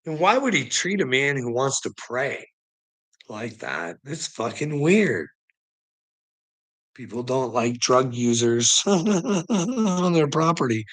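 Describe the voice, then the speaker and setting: A man's voice: medium pitch, big pitch swings, takes it slowly, pauses often, fairly bright tone. A man telling a personal story in a casual monologue, sarcastic and profane, swearing freely and laughing often between lines.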